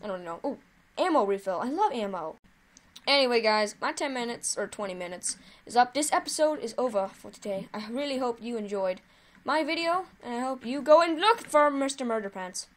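In a brisk, somewhat high voice, a woman narrates her own gaming video live, chatty and excitable, and cheers at each win.

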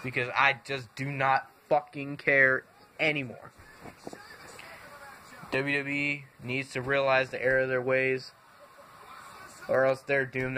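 Young man, bright forceful voice, angry profane rant to camera, faint room noise. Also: mid-range voice, completely flat delivery, takes it slowly, long pauses. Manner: swearing constantly, exasperated. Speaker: wrestling fan vlogger.

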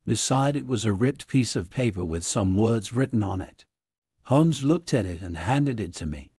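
A man reading a classic story aloud as scripted narration for English learners, in a clear, even way. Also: on the low side, normal speed, no echo.

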